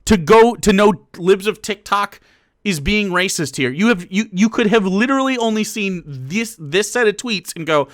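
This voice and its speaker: A man's voice: sits high, lively intonation, moderate pace, a bit bright, dry recording, studio quality. A male streamer giving heated, sarcastic reaction commentary, swearing and mocking others.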